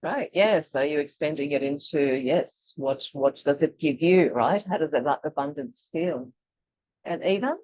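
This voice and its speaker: A woman from Eastern Europe leading an online workshop, talking in a chatty, animated way and laughing often. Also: sits low, a little slow, no room sound, low-quality recording. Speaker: workshop leader. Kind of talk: casual online workshop teaching.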